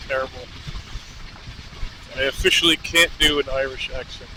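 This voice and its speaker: A man's voice: mid-range voice, fairly even intonation, moderate pace, long pauses. Profane rambling man on a motorbike. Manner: rambling, profane, self-mocking. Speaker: vlogger. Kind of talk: casual monologue while riding. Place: on a motorcycle on a highway. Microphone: helmet mic. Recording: loud road and wind noise.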